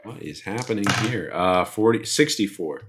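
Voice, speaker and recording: A man's voice: on the low side, animated, moderate pace, noisy background. A man playing in a tabletop game, chatty and reactive. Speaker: player. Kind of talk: casual tabletop play.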